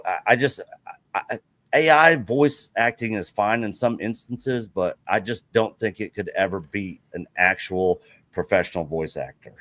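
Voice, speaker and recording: A man's voice: on the low side, a bit bright, no room sound. A man co-hosting a casual livestream chat, rambling and filler-heavy. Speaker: co-host.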